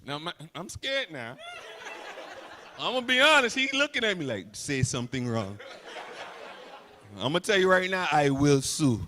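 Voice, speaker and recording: A male comedian working a live crowd, teasing and shouting one moment and hushed the next. His voice is bright and a little high. Faint clicks sit under the sound. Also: sing-song, moderate pace, a little hiss or hum. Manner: loud, teasing, swings from shouting to hushed asides. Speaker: stand-up comedian. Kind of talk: stand-up comedy with crowd work.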